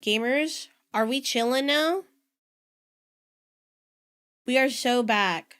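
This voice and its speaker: Slow-talking bright-voiced woman streamer. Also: on the high side. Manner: excitable, swearing, theatrical outbursts. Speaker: streamer reacting to videos. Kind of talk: casual live-stream chat.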